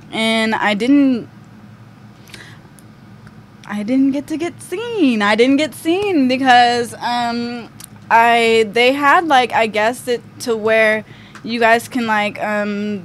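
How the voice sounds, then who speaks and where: A young woman guest on a podcast, telling a story casually with lots of "like" and "um". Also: a little high. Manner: chatty, full of fillers like "like" and "um". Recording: faint background noise.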